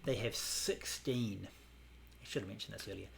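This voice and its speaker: A man teaching a Buddhist meditation class, explaining in a relaxed way with many fillers. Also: lowish voice, moderate pace, gravelly, slight background noise.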